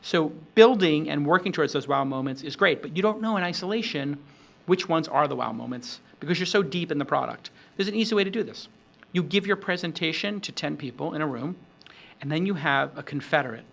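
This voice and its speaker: A middle-aged man hosting a talk on product demos, animated and acting out example pitches with shifting tone. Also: brisk, vocal fry. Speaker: host. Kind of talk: instructional talk on startup demos.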